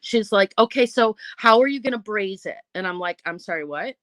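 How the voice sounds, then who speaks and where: A woman's voice: medium pitch, fairly quick, dry recording. A woman hosting her own channel, telling a long story and acting out every line of dialogue. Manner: animated, acts out quoted voices. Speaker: channel host. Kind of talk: live-stream storytelling. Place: indoors at home.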